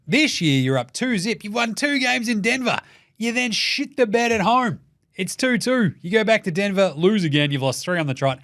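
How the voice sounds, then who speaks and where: A man's voice: high-pitched, sing-song, moderate pace, a bit bright, no echo, clean studio sound. A man with an Australian accent hosting a comedic sports show, swearing freely and acting out the people he talks about. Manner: swears freely, acts out quoted people mid-rant. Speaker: host.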